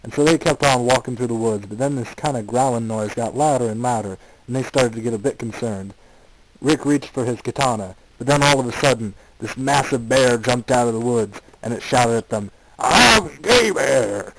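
A man's voice: mid-range voice, fairly quick, a little hiss or hum, poor audio. A man hosting a casual online chat, rambling and improvising a goofy story. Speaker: podcast host.

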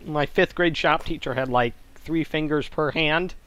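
Deadpan man hosting a noisy podcast. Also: on the high side, unhurried. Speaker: podcast host. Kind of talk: casual comedy podcast chat.

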